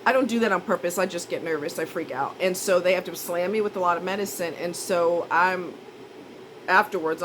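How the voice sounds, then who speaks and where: A woman's voice: lowish voice, a little fast, a little hiss or hum, low-quality recording. A woman telling a rambling, self-mocking story in a chatty, casual way. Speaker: vlogger.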